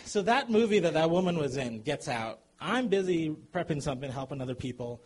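A man telling a comic true story to a live audience, animated and chuckling as he goes. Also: a little high, fairly quick, few pauses.

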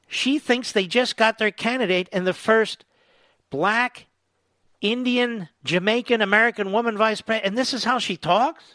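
A man's voice: high voice, moderate pace, dry recording. A man hosting a political commentary show, reading quotes aloud and answering them with sarcastic, indignant remarks. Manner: sarcastic, indignant, rising to angry shouting. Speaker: talk radio host.

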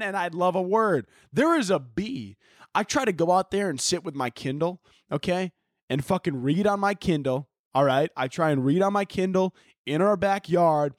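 A man's voice: sits high, dry recording. Profane rambling young man, dry close mic. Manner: rambling, profane, jokey, laughs often. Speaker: podcast host. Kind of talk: casual solo podcast chat.

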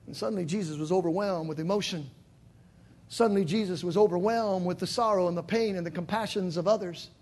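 A male pastor preaching in a church with a strikingly high, husky voice. He builds to shouted peaks, then sinks into hushed, dramatic lines. The delivery is fervent sermon style throughout. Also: fast. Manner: dramatic preaching, swinging from shouts to near whispers. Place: church sanctuary.

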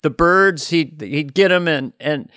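A man's voice: fairly high pitch, unhurried, sharp tone, dry recording, studio quality. An older man co-hosting a podcast, telling rambling comedy anecdotes in casual chat. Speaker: podcast co-host.

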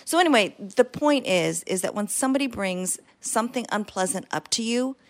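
A woman's voice: on the high side, expressive, normal speed. A woman co-hosting a podcast, chatting candidly and telling stories in a casual way. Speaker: podcast co-host. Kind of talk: casual chat.

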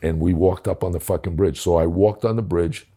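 A man's voice: low voice, steady tone, fairly quick, mellow. An older man telling a war story from his police days, blunt and profane, acting out the dialogue. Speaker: former police commissioner. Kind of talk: casual storytelling.

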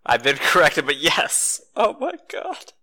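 A podcast guest making lively, wry asides. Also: mid-range voice, unhurried. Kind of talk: casual chat.

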